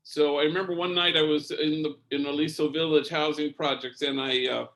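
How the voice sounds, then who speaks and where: A man, a priest, giving spoken testimony as an unhurried storyteller who often restarts his sentences. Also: on the high side, fairly even intonation, a bit bright.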